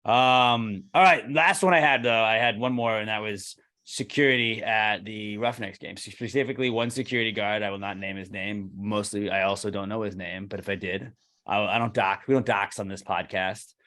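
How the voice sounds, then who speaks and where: A young man with a fairly low voice co-hosts a casual podcast. He tells animated stories, curses freely and acts out both sides of an argument. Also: normal speed. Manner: animated storyteller, swears freely, acts out quoted exchanges. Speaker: podcast co-host.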